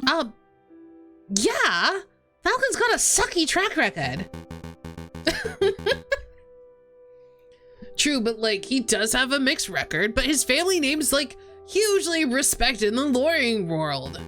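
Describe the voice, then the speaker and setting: A woman's voice: high voice, sing-song, slow pace, pauses often, sharp tone, soft background music, pitched above the performer's own voice, full character voice. Woman doing a surfer-dude fox. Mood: breezy. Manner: drawling, full of likes and dudes. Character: laid-back surfer-dude male fox client.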